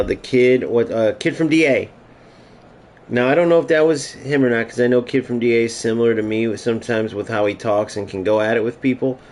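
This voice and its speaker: A man's voice: medium pitch, darkish tone, poor audio. A man streaming a game, ranting casually and profanely to his chat. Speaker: gaming streamer.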